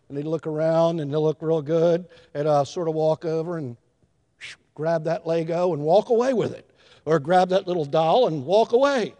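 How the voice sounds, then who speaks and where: An older man preaching a sermon in a church, telling folksy stories with emphatic shifts in loudness. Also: a little high. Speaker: pastor. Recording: long hall reverb.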